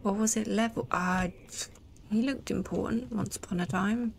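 A woman's voice: mid-range voice, steady tone, moderate pace, creaky, a little hiss or hum. A woman giving chatty, jokey commentary while playing a game, often talking to herself. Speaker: let's play gamer. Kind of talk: casual gameplay commentary.

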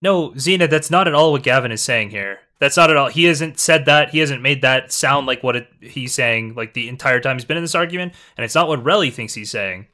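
A man's voice: medium pitch, fairly quick, few pauses, bright, forceful tone. A man giving casual spoken commentary, talking things over at length while reacting to a stream. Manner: musing, explains at length.

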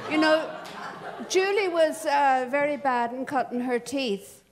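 A woman's voice: sits high, unhurried, crowd noise. An older woman telling a family story at a church service, chatty and often laughing. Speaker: church speaker. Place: church hall.

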